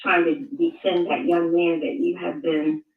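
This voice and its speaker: An older woman, a guest, who speaks in a measured, halting way and often restarts her words. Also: fairly low pitch, level tone. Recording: tinny phone-like line, echoey, far from mic.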